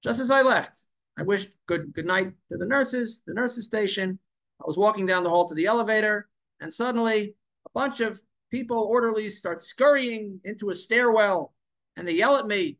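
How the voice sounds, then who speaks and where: High-voiced man telling a story. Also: normal speed, fairly bright tone. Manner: emphatic, repeats words, stumbles on some words. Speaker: online commentator. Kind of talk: casual storytelling monologue.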